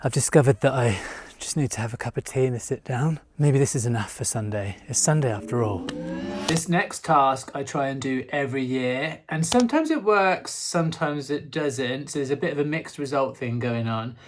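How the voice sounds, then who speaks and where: A young man hosting a casual home vlog, playful and camp, breaking into sudden squeals of excitement. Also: medium pitch, moderate pace, noisy background. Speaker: vlog host.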